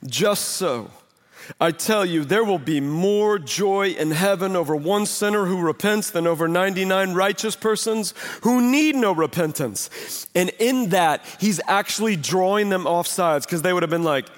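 A man's voice: high-pitched, normal speed. A man preaching a sermon as pastor, conversational and emphatic, full of rhetorical questions. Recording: long hall reverb.

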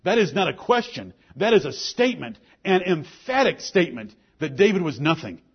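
A man's voice: fairly high pitch, sing-song, moderate pace, husky, dull audio. A male pastor preaching a sermon to his congregation, emphatic and fervent, often quoting scripture in old-fashioned biblical wording. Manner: emphatic preaching with King James scripture quotes.

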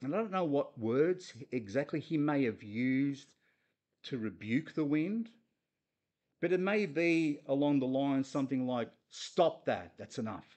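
An earnest man preaching in a conversational way, often turning to his listeners with direct questions. His voice sits at an everyday middle pitch. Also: lively intonation, a little slow, a little mellow. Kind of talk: conversational sermon on a Bible passage.

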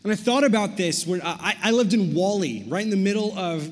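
A young man speaking to students, telling a story with lively acted-out dialogue before turning solemn. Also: high voice. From Canada. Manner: slows into quiet, solemn delivery. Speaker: youth speaker. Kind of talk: sermon with storytelling. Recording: long hall reverb.

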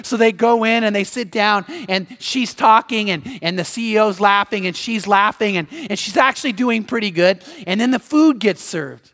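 A man preaching a sermon as pastor, telling a story in an animated way and acting out the voices of the people in it. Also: high-pitched, moderate pace, few pauses. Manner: animated, acts out quoted voices. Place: church sanctuary. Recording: long reverb of a large hall.

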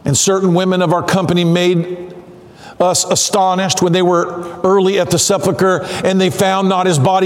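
High-pitched pastor guy preaching, earnest and chatty, lots of hall echo. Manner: earnest, conversational preaching with sighs and pauses. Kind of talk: sermon.

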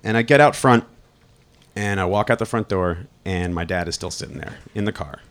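Wry, candid male storyteller, low voice. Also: normal speed, fairly bright tone. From Long Island, New York. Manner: candid, wry, swears freely. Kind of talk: live personal storytelling.

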